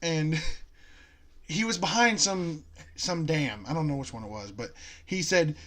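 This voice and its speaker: A man's voice: fairly high pitch, animated, unhurried, long pauses, fairly bright tone. A young man chatting casually with a friend, laughing often and telling long jokes in which he voices the characters. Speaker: co-host.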